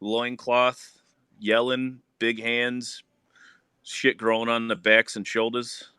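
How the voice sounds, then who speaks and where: A man's voice: medium pitch, flat delivery, slow pace, pushed and bright, clear, resonant tone, no echo. A man co-hosting a casual stream chat, loose and laughing, swearing casually. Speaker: co-host.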